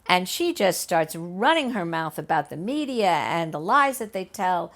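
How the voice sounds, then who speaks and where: An older woman tells a story from her past in an oral history interview. Her voice sits a bit low and has a gravelly edge. She talks in a lively way, with many restarts, and acts out the voices of people she quotes. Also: a little slow. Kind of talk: conversational storytelling. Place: her home.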